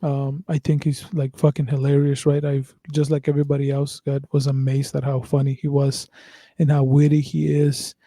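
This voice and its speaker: A man's voice: medium pitch, monotone, moderate pace, dark tone, dry recording. A man hosting a podcast, chatting casually, rambling and swearing with lots of fillers and restarts. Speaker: podcast host.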